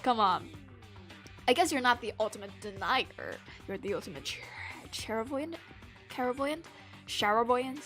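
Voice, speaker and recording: Over soft background music, a woman streams a visual novel in a slightly high, fairly bright voice at an unhurried pace. Her live commentary is rambling and playful, with frequent laughter as she practices character voices aloud.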